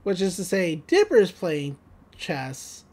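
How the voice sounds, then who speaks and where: Giggly woman retelling a cartoon episode. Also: on the low side. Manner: giggly, animated retelling with quick voices for quotes. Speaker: podcast co-host. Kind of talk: casual episode recap.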